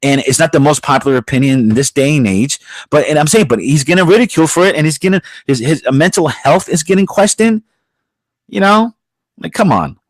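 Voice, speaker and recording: A man's voice: on the high side, lively intonation, a little fast. A blunt man co-hosting a podcast, swearing freely through a casual rant. He sounds a little aggressive without being angry, and the sound is dry and close with no room echo. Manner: blunt, profane, calls himself aggressive-sounding. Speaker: podcast co-host.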